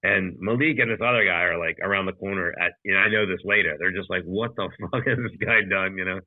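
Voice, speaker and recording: A man spins a long, rambling comic story full of swearing and acted-out quotes. His voice sits a little low. He comes through a tinny, dry video-call line. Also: fast talker, dry recording. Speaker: comedian podcast co-host. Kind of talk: casual storytelling.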